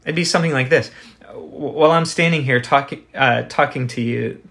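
An earnest male pastor delivering a Sunday sermon in a church. His voice sits at an ordinary middle pitch, and he drives his points home with rhetorical questions and slow, deliberate pauses. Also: gravelly, a bit bright.

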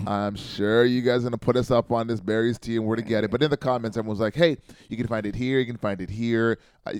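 A man with a scratchy, raspy voice from being sick, co-hosting a casual podcast in slangy, repetitive chat. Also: fairly low pitch, darkish tone, no room sound. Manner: slangy, repeats words. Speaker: podcast co-host.

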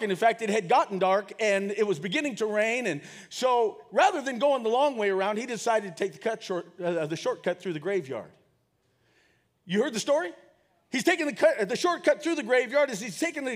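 A man preaching a sermon, leading the congregation in call and response and rising to shouts as he tells a story. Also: very high voice. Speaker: pastor.

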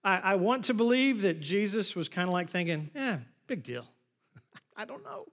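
A man's voice: high-pitched, moderate pace. A man preaching a sermon as pastor, retelling a Bible story and acting out the lines of the people in it. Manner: animated storytelling, acts out the scripture scenes. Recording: long hall reverb.

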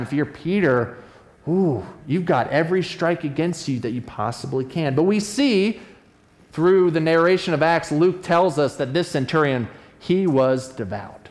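A man delivers a sermon in a relaxed, conversational way. His voice sits a little high for a man, and he tells the story with animation, often pausing to check in with his listeners. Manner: animated storytelling, acts out quoted voices with a raised pitch; conversational, often asks "right?". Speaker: pastor.

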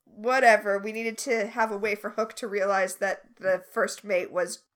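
A woman co-hosting a casual recap chat, animated and sarcastic with quick asides. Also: mid-range voice. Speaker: podcast co-host.

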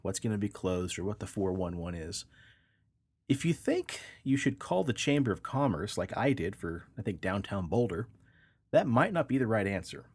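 A man co-hosting a casual podcast, an animated storyteller who laughs easily. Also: on the low side, moderate pace, husky. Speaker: podcast co-host. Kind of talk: casual chat, joke telling.

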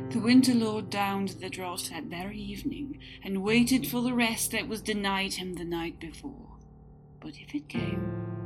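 A woman narrating a dark folktale in a slow, dramatic storytelling manner, with music behind. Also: medium pitch.

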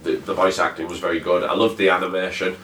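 Deep, bright-toned man reviewing a film. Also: flat delivery, fast, a little hiss or hum. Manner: rambling, hesitant with many fillers. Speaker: podcast host reviewing a film. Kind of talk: casual film review chat. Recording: echoey room, far from the mic.

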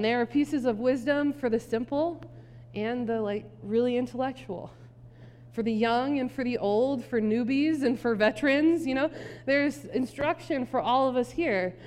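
A woman pastor giving a sermon in a conversational, animated storytelling manner. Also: on the high side. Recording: long hall reverb.

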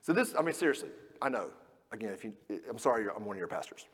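A middle-aged man preaching a sermon as a pastor, telling stories and acting out the people in them, moving from loud to hushed. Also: fairly low pitch, animated, quick pace, breathy edge, big-room sound. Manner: storytelling, acting out quoted voices, swings between loud and hushed.

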